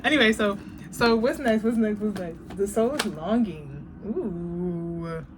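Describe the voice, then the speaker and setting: A woman giving a casual tarot reading, talking bluntly and profanely, animated and laughing often. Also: mid-range voice, slow. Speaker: tarot reader. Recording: background noise.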